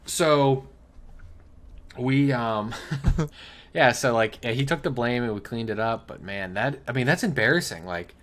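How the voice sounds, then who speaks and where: A man's voice: mid-range voice, measured pace, a bit bright. A young man co-hosting a podcast, telling stories in casual chat, swearing and laughing often. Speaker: podcast co-host.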